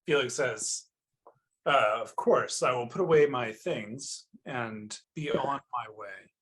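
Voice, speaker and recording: Male player, husky tone, relaxed table talk. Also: mid-range voice, slow. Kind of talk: tabletop game chat.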